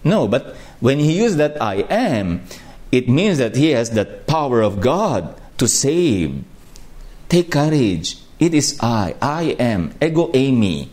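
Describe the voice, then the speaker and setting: Preaching with a Filipino accent, this man has a medium-pitched, darkish voice and is very animated. His delivery is slow and thoughtful, building emphasis on important words.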